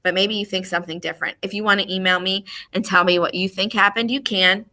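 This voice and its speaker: A woman teaching a music lesson to young children online. She speaks expressively and clearly, asking questions and then answering them herself. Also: mid-range voice, steady tone, quick pace, sharp tone.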